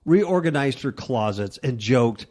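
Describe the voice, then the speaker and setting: A man's voice: medium pitch, lively intonation, measured pace, darkish tone. Sarcastic male talk radio host. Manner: sarcastic, reads news aloud and riffs on it. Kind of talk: mocking talk radio commentary.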